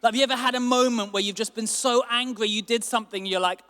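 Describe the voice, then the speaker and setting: High-voiced pastor preaching. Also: male voice, fast, few pauses. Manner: animated, acts out quotes with big swings in loudness. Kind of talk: sermon. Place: church hall. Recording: long hall reverb.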